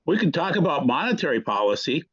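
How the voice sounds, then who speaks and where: A man with a slightly higher voice tells jokes in a relaxed way on a video call, laughing often and acting out the characters' lines. The call audio is dull and dry. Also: quick pace, slightly rough, no echo. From small Swedish town in the US Midwest. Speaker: participant in a Zoom class. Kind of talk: casual joke-telling on a video call.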